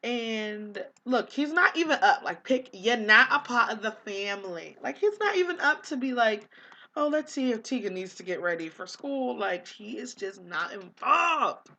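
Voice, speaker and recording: A woman's voice: on the high side, animated, normal speed, pushed and bright, muffled recording. A young woman casually commenting on her life-sim game, chatty and easily exasperated, with lots of fillers. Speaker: gaming vlogger.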